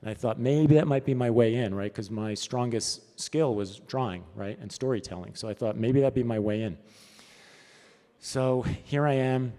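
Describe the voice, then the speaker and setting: A man's voice: medium pitch, normal speed, warm tone. A man giving a conference talk as a storyboard artist, telling anecdotes in a casual, chatty way with frequent "right?" asides. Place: event hall. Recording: long hall reverb.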